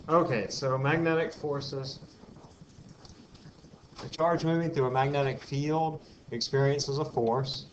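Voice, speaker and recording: A man's voice: mid-range voice, fairly even intonation, slow pace, long pauses. A man giving a physics lecture in a classroom, explaining step by step, putting questions to the class and telling the odd aside. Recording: dull lo-fi classroom recording with faint hiss.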